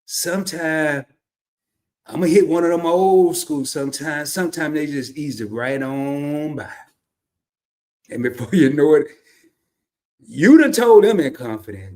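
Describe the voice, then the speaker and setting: A man's voice: a little high, expressive, unhurried, long pauses, darkish tone. A man from Arkansas with a Southern accent, hosting a livestream and telling stories in a laid-back, drawling way. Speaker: livestream host. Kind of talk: casual storytelling monologue.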